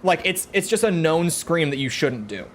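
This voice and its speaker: A man's voice: fairly high pitch, sing-song, moderate pace, slight background noise. Chatty throat-voiced young male streamer. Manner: talks from the throat to project, chatty and rambling. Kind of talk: casual gaming stream chat.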